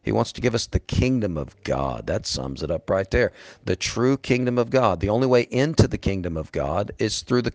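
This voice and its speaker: A man's voice: fairly low pitch, expressive, moderate pace, dry recording. A middle-aged man preaching a sermon in an earnest, emphatic way, calling his listeners "beloved".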